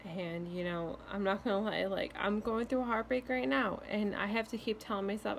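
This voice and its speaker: A woman's voice: mid-range voice, steady tone, moderate pace, creaky, few pauses, a little hiss or hum. A young woman vlogging casual, earnest breakup advice, reassuring and full of "like" fillers, with hiccups now and then. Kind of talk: casual heartfelt advice to camera.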